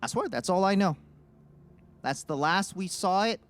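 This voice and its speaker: A man playing a tabletop game, speaking in character with lots of stammers and restarts. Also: moderate pace. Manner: animated, stammering, swinging in pitch. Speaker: player. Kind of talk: in-character tabletop role-play.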